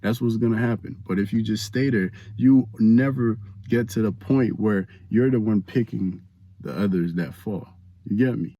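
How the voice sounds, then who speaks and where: A man giving casual faith advice to the camera, animated and slangy, talking straight to viewers. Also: fairly low pitch, moderate pace, husky, no echo. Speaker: Christian vlogger giving advice.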